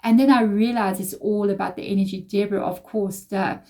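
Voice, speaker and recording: Mellow-voiced woman reading tarot. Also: medium pitch, fairly even intonation, fairly quick. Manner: rambling, confiding, emotional asides. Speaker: tarot reader. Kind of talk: casual tarot reading monologue.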